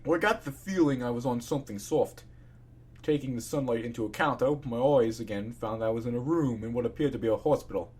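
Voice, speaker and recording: A man reading fan fiction aloud in a casual, expressive way, breaking off into ranting asides. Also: mid-range voice, fast, breathy edge. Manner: expressive, swings between narration and ranting asides.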